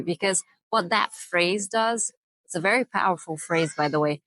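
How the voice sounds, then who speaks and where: A young mother giving parenting advice to the camera in an earnest, explanatory way, slowing down to stress key points. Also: lowish voice, a bit bright, no room sound, low-quality recording. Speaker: parenting vlogger.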